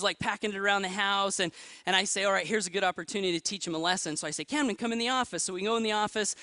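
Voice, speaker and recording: A high, bright man's voice pushes through a motivational talk with real energy, throwing questions out to the crowd. He sounds to be in his thirties, and the sound is dry and close with almost no room around it. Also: dry recording. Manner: energetic, asks the audience questions. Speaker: motivational speaker.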